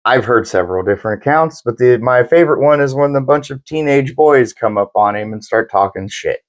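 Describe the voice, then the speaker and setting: A man's voice: mid-range voice, animated, fairly quick. Profane rambling young guy telling history. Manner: profane, rambling storyteller, acts out quotes. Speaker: podcast co-host. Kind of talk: casual history chat.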